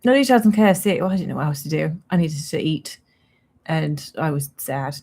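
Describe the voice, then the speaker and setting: A woman's voice: deep voice, animated, brisk, darkish tone. A young woman hosting a casual livestream, chatting in a rambling, self-mocking way and laughing often. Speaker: livestream host.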